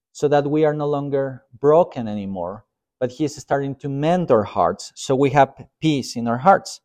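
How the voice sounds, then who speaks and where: A man's voice: mid-range voice, a little mellow. Male pastor, easygoing Sunday school teacher, talks like a friend, mid-range voice. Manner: conversational, self-deprecating, acts out quotes. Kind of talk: informal sermon.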